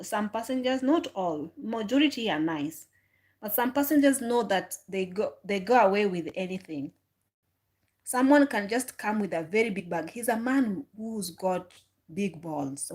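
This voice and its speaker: A woman vlogger and former flight attendant, chatting casually on a livestream and telling animated stories in which she mimics passengers. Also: mid-range voice.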